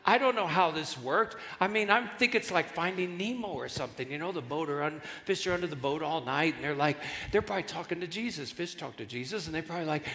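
A man's voice: on the high side, quick pace, few pauses. A man preaching a sermon as pastor, telling stories and acting out voices in his jokes. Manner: animated storytelling, acts out voices in jokes. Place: large church hall. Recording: reverberant church hall.

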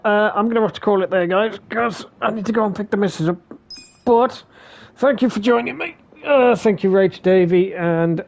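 A man commentating his own video game play on a live stream, swearing often and getting excitable. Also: a little high. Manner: sweary, excitable, talks to himself while playing.

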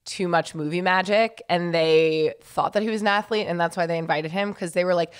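A woman's voice: fairly low pitch, steady tone, fairly quick, smooth. A young woman co-hosting a podcast, chatting casually, laughing often and filling her talk with likes. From California. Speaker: podcast co-host. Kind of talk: casual chat.

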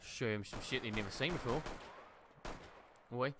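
A man's voice: mid-range voice, fast, a bit bright, a little hiss or hum. A young man giving joking, profane gameplay commentary into a desk mic on a stand, with sudden shrieking outbursts. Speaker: gaming streamer.

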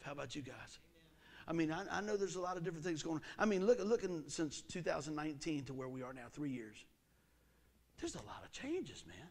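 A middle-aged man preaching a sermon in a folksy, animated way, his pitch and volume jumping often. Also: vocal fry. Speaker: pastor.

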